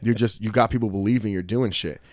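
A man's voice: on the low side, quick pace, dry recording, clean studio sound. A middle-aged man in casual chat, telling stories with lots of swearing and acted-out quotes. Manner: profane, animated storyteller acting out quotes. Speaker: podcast host, martial arts school owner.

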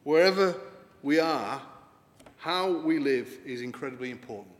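A man's voice: a little high, animated, normal speed. A man preaching a sermon in an earnest, conversational way, lifting his voice for emphasis. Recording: long hall reverb.

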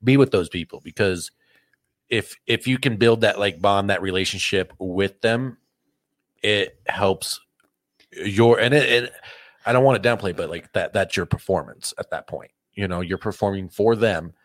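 Low-voiced rambling wedding officiant man. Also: moderate pace, dry recording. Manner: rambling, restarts a lot, laughs easily. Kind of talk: casual chat.

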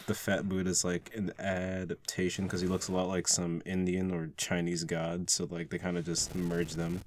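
A man's voice: sits low, normal speed, a little hiss or hum. A young man in casual banter with friends, dry and explanatory, laying out his points at length.

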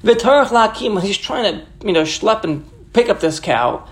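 Man, teacher, high voice, reads Hebrew phrases then explains them in English. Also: animated, normal speed. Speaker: Talmud teacher. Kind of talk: explaining a Mishnah text.

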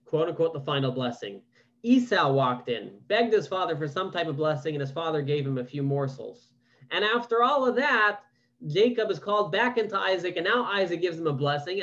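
In an online Bible class held over video call, a man reads Torah verses aloud and follows up with casual, conversational questions and commentary. His voice sits on the higher side with a fairly bright tone, though the audio is dull.

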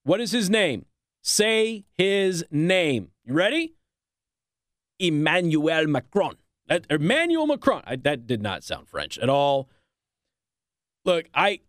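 A man's voice: medium pitch, no echo. A man hosting a talk radio show in a studio, delivering a sarcastic, opinionated monologue and laughing at his own jokes.

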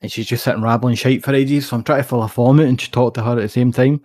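A young Scottish man rattles through a rambling story at a quick clip, swearing freely as he goes. His voice sits in an ordinary middle register. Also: medium pitch, fairly even intonation, darkish tone. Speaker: podcast co-host. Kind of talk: casual chat.

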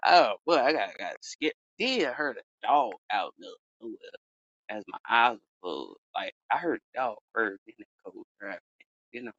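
A man tells a story on his casual podcast. He swears a lot, and his pitch swings widely as he breaks into sudden loud exclamations. The recording sounds dull and lo-fi. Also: big pitch swings, moderate pace, no room sound. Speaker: podcast host.

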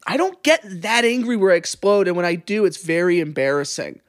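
Animated, swearing podcast co-host man. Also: high voice, brisk, dry recording, studio quality. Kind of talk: casual podcast chat.

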